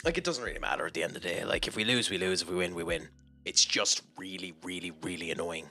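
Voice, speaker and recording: A man's voice: low voice, quick pace, pushed and bright, soft background music. Profane Irish man ranting over a game. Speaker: gaming channel host. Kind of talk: casual game commentary.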